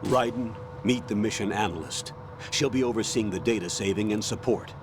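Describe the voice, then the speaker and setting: A man voicing a stern older military colonel, giving measured, authoritative mission briefings in a video game. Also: lowish voice, background noise, natural voice. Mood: calm, commanding. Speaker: mission commander on radio. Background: game music.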